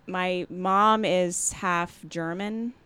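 Chatty woman with a low voice. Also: steady tone, very slow, bright, forceful tone, clear, resonant tone. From Jamaica. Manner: self-deprecating, chatty, laughs easily. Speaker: guest. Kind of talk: casual chat.

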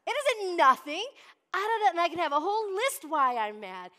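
A middle-aged woman preaching with a high voice. She speaks in the style of a pastor's sermon, tossing questions out to the congregation. She slips into the voices of the story's characters as she goes. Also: very animated, normal speed, pushed and bright. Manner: preachy call-and-response, acts out Bible voices.

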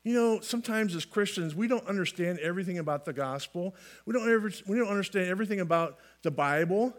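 Man with a high-set voice preaching a casual, folksy sermon with light humor. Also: expressive, fast. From California. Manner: folksy, repeats and restarts phrases, light humor. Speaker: pastor.

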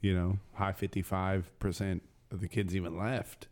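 A man in casual podcast chat, delivering absurd made-up facts deadpan and calling everyone "dude". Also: low voice, moderate pace. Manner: deadpan, reels off made-up statistics, says "dude" constantly.

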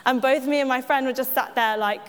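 Chatty high-voiced woman in an echoey hall. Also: a little fast, clean tone. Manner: chatty and self-mocking, laughing often, with asides to the audience. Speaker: church speaker. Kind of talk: personal testimony talk.

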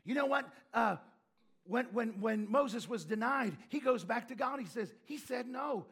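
A man preaching a sermon, telling stories with animated delivery and shouting out lines for emphasis. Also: very high-pitched, unhurried, vocal fry, breathy edge.

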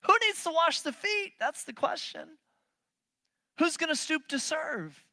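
A preacher giving a sermon, animated and emphatic, firing off rhetorical questions and swinging between loud bursts and low, quiet passages. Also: a little slow, creaky, no echo.

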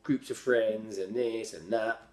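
A man telling his story as a podcast guest in a slangy, rambling, animated way. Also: lowish voice, unhurried. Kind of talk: casual storytelling. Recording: roomy echo.

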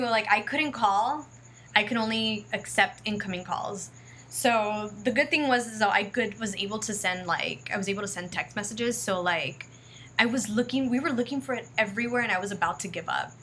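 A woman's voice: medium pitch, fairly bright tone, slight background noise. A woman telling a personal story in a casual, rambling way, full of fillers and acted-out quotes, and close to tears.

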